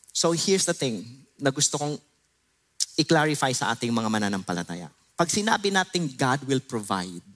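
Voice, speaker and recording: A man with a Filipino accent preaching a sermon in an animated way, switching between Tagalog and English and joking with the congregation. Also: mid-range voice. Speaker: pastor. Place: church service.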